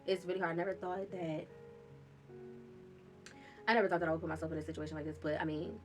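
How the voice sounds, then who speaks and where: A woman's voice: deep voice, fairly even intonation, quick pace, faint music behind. A woman in a candid confessional vlog, talking in a raw, rambling and profane way, with sighs. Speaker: vlogger telling her own story.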